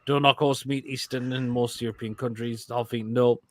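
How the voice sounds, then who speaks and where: A man's voice: mid-range voice, level tone, moderate pace, no room sound. A man, hosting a casual live stream and giving crude, blunt verdicts on viewers' food photos between laughs.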